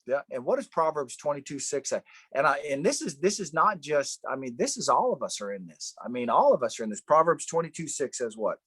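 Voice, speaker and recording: A man's voice: a little high, sing-song, a little fast, a bit bright, breathy edge, no room sound. Fervent man leading a Bible study. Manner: fervent, conversational, repeats himself. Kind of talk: informal sermon.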